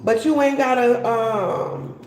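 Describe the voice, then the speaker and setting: A woman's voice: fairly high pitch, steady tone, takes it slowly, a little mellow, reverberant, slight background noise, poor audio. A woman giving a casual live tarot reading, chatty and slangy, laughing and swearing as she talks. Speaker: tarot reader.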